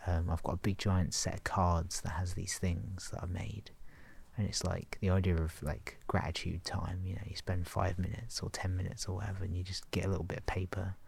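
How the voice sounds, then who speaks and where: A man talking in a relaxed, rambling way about self-awareness, laughing softly and acting out his inner thoughts. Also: low voice, brisk, creaky, husky. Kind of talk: relaxed casual monologue.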